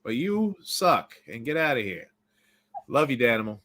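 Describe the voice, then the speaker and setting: Tennessee-accented host, bright tone, loose joking rambler. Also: male voice, medium pitch, sing-song, normal speed. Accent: East Tennessee. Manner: joking, rambling, self-deprecating. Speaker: podcast host. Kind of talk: casual comedic interview.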